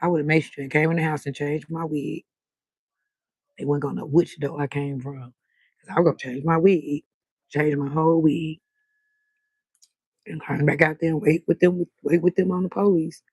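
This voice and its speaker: Gravelly, husky woman chatting late at night. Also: deep voice, normal speed, pauses often, no echo. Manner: loud, animated, cusses freely. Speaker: livestream host. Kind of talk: late-night livestream chat. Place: balcony outdoors at night.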